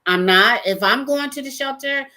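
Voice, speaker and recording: A woman's voice: high-pitched, normal speed, pushed and bright. A woman co-hosting a casual faith-based chat, telling a personal story and acting out the dialogue with jumps in her voice. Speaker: co-host.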